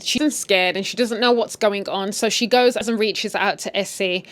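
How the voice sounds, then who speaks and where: A woman's voice: mid-range voice, normal speed, hardly any pauses. A woman casually recapping a TV series, with sassy, opinionated asides. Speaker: recap host. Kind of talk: casual story recap with commentary.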